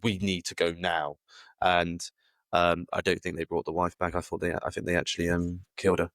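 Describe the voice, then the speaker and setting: Man, very low voice, hesitant rambling podcast talk, dry mic. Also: completely flat delivery, brisk, a bit bright, no room sound. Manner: rambling, hesitant with many fillers and restarts. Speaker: podcast co-host. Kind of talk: casual chat.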